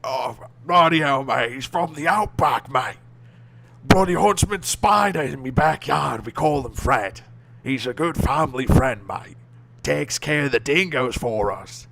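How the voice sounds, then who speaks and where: A man's voice: medium pitch, expressive, measured pace, vocal fry, a bit bright, a little hiss or hum. A man putting on a hearty outback Aussie bloke. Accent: put-on Australian.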